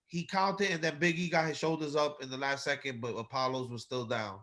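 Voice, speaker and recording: A man co-hosting a podcast, chatting casually and bluntly about a wrestling show, animated and quick to mock. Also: mid-range voice. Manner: blunt, animated, swears, mocking. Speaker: podcast co-host. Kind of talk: casual wrestling review chat.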